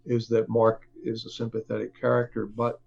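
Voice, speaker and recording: A man who writes and reports, talking as an interview guest, halting often, with fillers and restarts. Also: medium pitch, monotone, creaky, a little mellow, muffled recording. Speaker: author and reporter.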